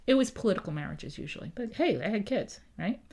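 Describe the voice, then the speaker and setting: A woman's voice: mid-range voice, fast, slightly rough. A woman who works as a town historian, telling history in a casual podcast interview and often checking in with "right?". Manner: lively, acts out quoted voices, often adds "right?".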